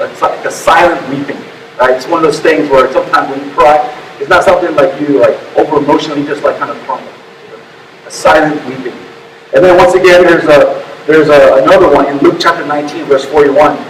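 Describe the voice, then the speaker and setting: High-voiced pastor preaching in an echoey hall. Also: male voice, far from the mic, slight background noise. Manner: emotional, swings from hushed to loud, repeats words. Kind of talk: sermon.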